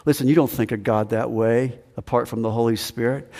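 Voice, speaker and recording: A man's voice: medium pitch, fairly even intonation, a little fast, dark tone. Earnest preaching man in a reverberant hall. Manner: earnest, repetitive preaching with acted-out quotes. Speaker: pastor. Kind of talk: sermon.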